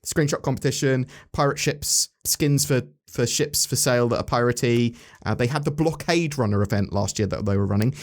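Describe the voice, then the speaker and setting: A chatty man with an ordinary mid-range voice hosts a relaxed talk about game news. He rambles through his points, trails off and restarts, and keeps turning to his co-host with questions. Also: mid-range voice, brisk.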